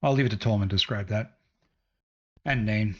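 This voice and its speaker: A man's voice: on the low side, moderate pace, a little mellow, highs cut off. A man narrating as game master of a tabletop game, with frequent fillers.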